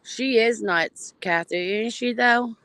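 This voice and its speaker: A woman hosting a casual livestream, talking in an unhurried, drawn-out way. Her manner is blunt and gossipy, and she greets chatters by name. The sound is dry and close, with no room echo. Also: on the high side, a bit bright. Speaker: livestream host.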